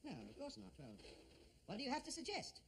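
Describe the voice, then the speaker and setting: A pompous would-be Shakespearean ham. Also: male voice, very high voice, huge pitch swings, a little fast, heavily acted. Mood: grand. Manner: grandiose, self-important, bluster. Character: pompous vain would-be Shakespearean actor, man. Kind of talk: 1950s radio comedy acting.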